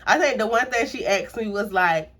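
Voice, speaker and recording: A woman's voice: mid-range voice, moderate pace. A young woman, telling a personal story in a casual storytime vlog, talking with lots of fillers and acting out quotes. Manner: casual and animated, with frequent fillers and acted-out quotes. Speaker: YouTuber.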